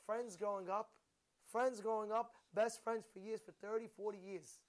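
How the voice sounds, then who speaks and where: Rabbi, male, very high voice, animated sermon storyteller, keeps quizzing the audience. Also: normal speed.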